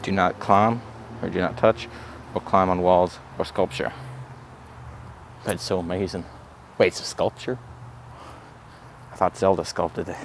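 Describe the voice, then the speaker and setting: A young man vlogging outdoors in a comic redneck persona, with hushed sneaking mutters and sudden excited exclamations. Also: sits low, a little slow, long pauses. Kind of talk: handheld comedy vlog commentary. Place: outdoors in a city. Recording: noisy outdoor street recording.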